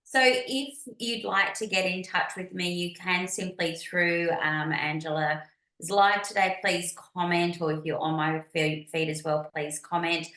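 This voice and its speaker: Australian female coach, lowish bright voice, chatty, echoey room over video call. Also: fairly even intonation, unhurried. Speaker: business coach guest. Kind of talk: casual interview chat.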